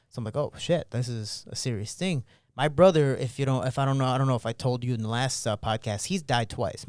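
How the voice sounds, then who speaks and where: A man speaking as a podcast guest, telling stories in loose, slangy speech. He jumps into the voices of people in his stories, and his voice is smooth and clear. The sound is dry and close. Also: medium pitch, no room sound. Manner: animated, acts out remembered dialogue; casual, slangy. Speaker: podcast guest, pro fighter. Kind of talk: storytelling in a podcast interview.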